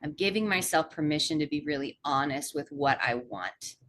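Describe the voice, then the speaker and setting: A woman's voice: deep voice, normal speed, fairly bright tone, a little hiss or hum. A woman coach hosting a podcast, talking in a reflective, earnest way. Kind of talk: casual podcast conversation.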